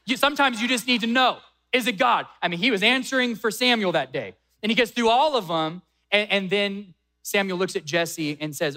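A man preaching a sermon, retelling a scripture story with dramatic pauses and acted-out quotes. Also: a little high, bright, forceful tone. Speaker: pastor.

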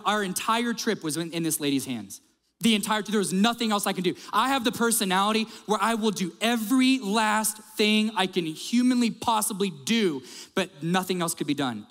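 A middle-aged male pastor telling a story in a sermon, animated and conversational, talking straight to the congregation. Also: high voice. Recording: reverberant hall sound.

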